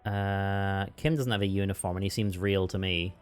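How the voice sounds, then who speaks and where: A man's voice: low-pitched, steady tone, moderate pace, clear, resonant tone, faint music behind. A man streaming a game playthrough, hesitant and swearing freely as he talks.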